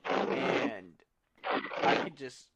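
A young man chatting casually on a podcast, laid-back and quick to laugh. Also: mid-range voice, very animated, creaky. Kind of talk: casual chat. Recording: loud background noise.

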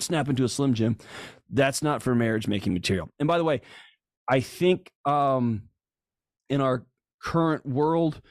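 A man with a drawl speaks in an easy, storytelling podcast manner at a middle pitch. He jumps into the voices of the people he quotes and leans hard on key lines. The sound is close and dry. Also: normal speed, no echo. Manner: animated, acts out quoted voices, emphatic. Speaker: guest speaker on relationships. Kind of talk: casual storytelling chat.

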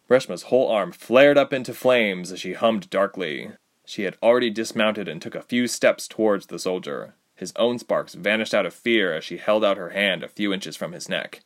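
A man narrating a fantasy audiobook with expressive storytelling. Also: lowish voice, moderate pace. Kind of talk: scripted narration.

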